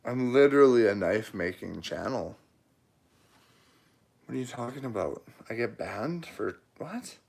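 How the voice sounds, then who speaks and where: His medium-pitched voice is expressive yet husky, creaky, and a bit mellow, moving at a measured pace with frequent pauses. He's livestreaming his knife-making shop, casually joking with viewers as he replies to their comments.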